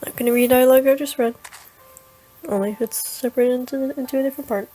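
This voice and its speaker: A woman's voice: high-pitched, steady tone, fast talker, mellow, soft background music, poor audio. Playful young woman reading a game story. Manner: playful, jokey, reads dialogue aloud. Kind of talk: casual read-through with asides.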